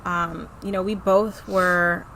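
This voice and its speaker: A woman's voice: fairly low pitch, fairly even intonation, slow, fairly bright tone, slight background noise, poor audio. A young woman co-hosting a podcast, speaking in a thoughtful, affirming way about her own experience. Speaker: podcast co-host. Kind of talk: reflective conversation.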